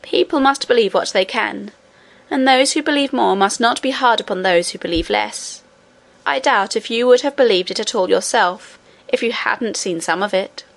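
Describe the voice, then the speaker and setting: A woman voicing a gentle, wise old grandmother who speaks softly, slowly and kindly. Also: medium pitch, creaky. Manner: soft, slow and kindly.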